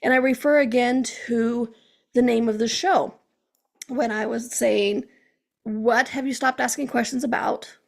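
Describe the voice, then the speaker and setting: A woman hosts her own podcast in a loose, animated motivational monologue. Her voice sits a little high and carries a strong gravelly fry. She keeps checking in with her listeners with a quick "okay?". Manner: chatty, animated, frequent "okay?" check-ins. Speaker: podcast host.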